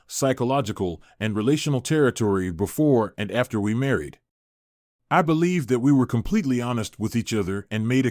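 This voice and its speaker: A man narrating a first-person relationship story in an earnest, measured way. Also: mid-range voice, darkish tone, dry recording, studio quality.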